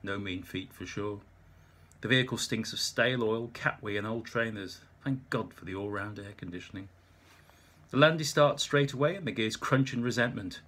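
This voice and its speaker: A man's voice: medium pitch, a little fast, a bit bright, husky. A man narrating an audiobook in the first person, with wry, dry humour.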